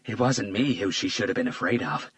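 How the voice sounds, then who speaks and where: Narrator as smug killer, hushed and menacing, deep. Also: male voice, a little fast, close to an everyday voice. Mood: cold menace. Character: cold, smug male killer, quietly taunting.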